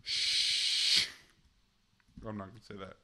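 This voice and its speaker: A man's voice: fairly low pitch, level tone, slow pace, bright, forceful tone. A man streaming a chat game, commenting casually, laughing often and swearing freely, and sounding short on sleep.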